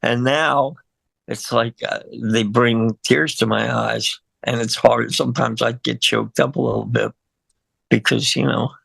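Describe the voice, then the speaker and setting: Older male musician, heavy vocal fry, rambling emotional delivery, dry booth sound. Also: medium pitch, steady tone, a little slow, fairly bright tone, dry recording. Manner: rambling, emotional, laughs often, frequent fillers. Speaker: guest musician. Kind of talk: casual interview.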